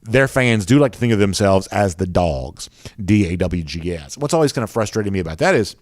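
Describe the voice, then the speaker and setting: Southern US man, sports show host, low voice, dry close sound, chatty with fillers. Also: lively intonation, fairly quick, a little mellow, dry recording. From American South. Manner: chatty, reading viewer comments, many fillers. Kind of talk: casual sports talk.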